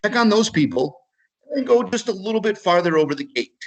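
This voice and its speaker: A man with a slightly high voice and an Upper Midwest American accent tells a story for a webinar. His talk is casual and full of restarts. He acts out both sides of each conversation. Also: lively intonation, brisk, low-quality recording. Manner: casual, repeats words, acts out dialogue. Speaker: webinar speaker. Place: video webinar.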